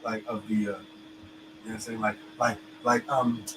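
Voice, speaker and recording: A man's voice: lowish voice, little pitch movement, normal speed. A man talks casually and emphatically. His phrasing is loose, with slang and frequent restarts. A faint background noise sits under the voice. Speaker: co-host. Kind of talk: casual discussion.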